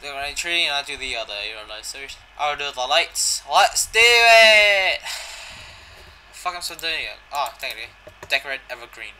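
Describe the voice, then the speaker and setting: A man's voice: mid-range voice, normal speed, sharp tone, poor audio. A young man giving a casual, jokey video game walkthrough, swearing and reading the in-game dialogue aloud. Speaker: gaming channel host.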